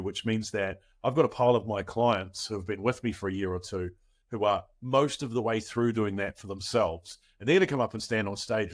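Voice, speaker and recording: A man hosting a property webinar, chatty and promotional, with many filler words, on a video call. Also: lowish voice. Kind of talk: casual webinar pitch.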